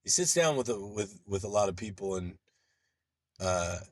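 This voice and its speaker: Husky-voiced man telling rambling stories. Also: fairly low pitch, animated, normal speed, no echo, studio quality. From Los Angeles, United States. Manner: rambling anecdotal storyteller who swears freely. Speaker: guest, screenwriter and producer. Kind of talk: casual podcast conversation.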